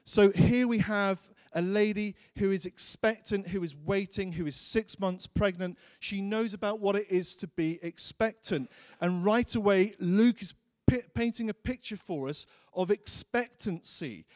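A man's voice: high voice, measured pace, few pauses, no echo, clean studio sound. A man preaching a sermon, telling a personal story in a chatty way and acting out his own thoughts.

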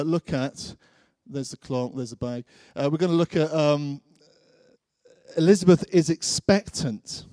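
A man's voice: on the high side, darkish tone, no echo, clean studio sound. A man preaching a sermon, telling a personal story in a chatty way and acting out his own thoughts.

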